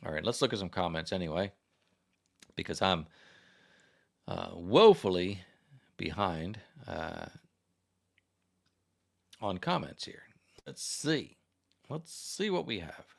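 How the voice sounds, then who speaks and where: A man's voice: low voice, sing-song, slow pace, vocal fry, long pauses. An American man hosting a casual livestream, chatting in a rambling way as he reads viewer comments and puts questions to the audience. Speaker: livestream host. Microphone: desk microphone.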